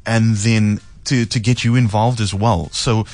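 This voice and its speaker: A man's voice: lowish voice, steady tone, unhurried, darkish tone, dry recording. A man hosting a radio interview, encouraging his guests and often murmuring agreement. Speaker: radio host.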